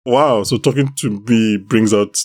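A man's voice: mid-range voice, unhurried, darkish tone. A man hosting a podcast, chatting casually and rambling, with many restarts. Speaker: podcast host. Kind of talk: casual chat about a TV show.

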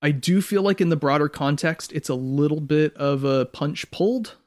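A man co-hosting a podcast in casual chat, relaxed and opinionated, with frequent "um"s. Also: a little high, moderate pace. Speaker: podcast co-host.

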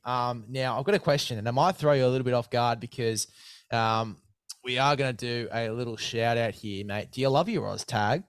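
A chatty man hosts a casual sports preview and talks to his co-host like an old mate. His voice is smooth and resonant. It is recorded dry and close. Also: medium pitch, moderate pace, no room sound. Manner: chatty, matey, plugs a sponsor with mock hype.

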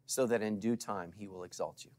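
Here a middle-aged man, a pastor, preaches a sermon a little fast in a lowish voice. He alternates between loud calls and quiet asides while asking the congregation for responses.

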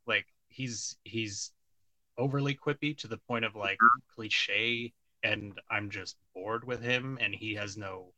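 A man's voice: fairly low pitch, moderate pace, sharp tone, dry recording, rough recording. A man co-hosting a casual podcast, rambling and opinionated, with many fillers and restarts. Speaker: podcast co-host. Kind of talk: casual pop-culture discussion.

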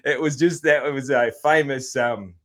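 A man's voice: medium pitch, moderate pace, fairly bright tone. A man with an Australian accent hosting a casual podcast chat, laid-back and loose-tongued, swearing casually and padding his talk with fillers. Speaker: podcast host.

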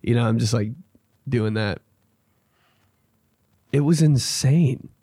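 Slowly and warmly, a young man hosting a podcast tells meandering, casual stories, playing the parts of the people he quotes. His mid-range voice is slightly rough. The recording is studio quality, with no room sound.

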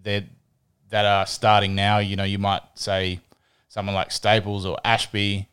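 A man's voice: lowish voice, monotone, a little slow, a bit bright, clean tone. A man co-hosting a sports podcast, chatting casually and often repeating words as he thinks. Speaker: podcast co-host.

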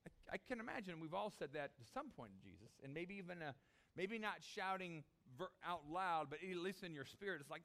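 A man's voice: sits high, very animated, fairly quick, a bit bright. A man preaching a sermon, acting out the disciples' pleas in a raised voice. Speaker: pastor.

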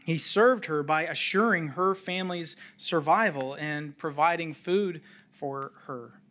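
A man preaching a sermon, telling a scripture story with sudden drops to a near-whisper and rises to loud calls, with chuckling asides. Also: fairly high pitch. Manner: chuckles while making light asides.

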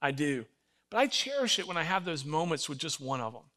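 An older man preaching in an animated, storytelling way and acting out little voices. His voice sits fairly high and sounds bright and forceful. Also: brisk. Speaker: pastor. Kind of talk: sermon.

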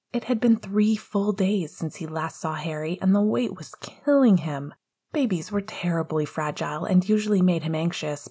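A woman narrating a fan fiction story aloud in a soft, gentle manner. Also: lowish voice, slightly rough. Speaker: reader.

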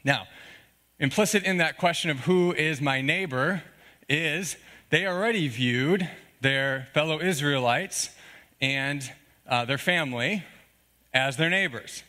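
A male pastor delivering a sermon with a bright, forceful voice pitched a little above the usual for a man. He talks conversationally and earnestly, dropping frequent check-in asides to his listeners. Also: a little slow. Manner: earnest, conversational preaching with asides like "okay?" and "all right?".

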